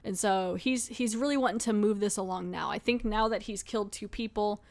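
A woman podcast host giving a casual, chatty recap of a TV episode, laughing now and then and slipping into quick acted asides. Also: medium pitch, a little mellow.

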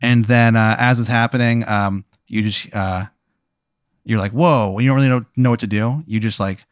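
A man hosts a comedy podcast, improvising an absurd story with plenty of fillers. His voice is smooth and resonant. The sound is close and dry. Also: on the low side, steady tone, normal speed, no echo. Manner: rambling, filler-heavy narration. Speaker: host.

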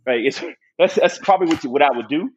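A man's voice: on the high side, fast, lo-fi sound, a little hiss or hum. A young man telling a story in casual, profane chat, laughing often.

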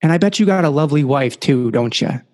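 A man voicing a kindly little old man who speaks in a soft, playful, coaxing way. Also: on the high side, expressive, quick pace, natural voice. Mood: gently playful.

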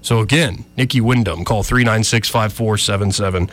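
A man's voice: lowish voice, normal speed. Wry talk radio host man. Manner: ranting, wry, animated. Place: radio studio.

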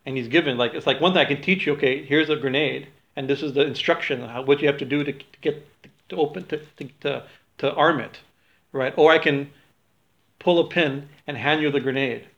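A man teaching a small group in an informal spiritual talk, halting with many fillers and restarts. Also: fairly high pitch, creaky, fairly bright tone, dull audio.

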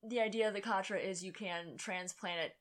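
A woman's voice: medium pitch, steady tone, brisk. A woman co-hosting a casual podcast, rambling and joking, swearing and laughing at herself. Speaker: podcast co-host. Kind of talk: casual chat about TV and sci-fi.

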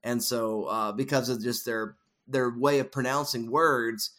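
Man, film podcast co-host, thoughtful explainer, lots of uhs, mid-pitched. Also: fairly even intonation, measured pace, a bit bright. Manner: thoughtful, explanatory, many fillers. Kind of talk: casual film discussion.

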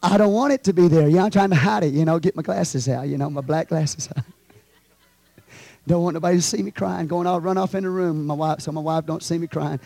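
A man preaching a sermon as pastor, swinging from quiet storytelling to shouted calls to the congregation. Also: a little high, brisk, creaky, no room sound. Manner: preaching with rising shouts and call-and-response asides.

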